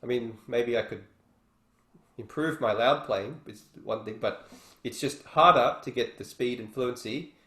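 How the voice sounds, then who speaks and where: A man's voice: mid-range voice, measured pace, fairly bright tone. A man teaching guitar in an online workshop, explaining casually and thinking aloud between demonstrations. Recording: roomy echo with faint guitar.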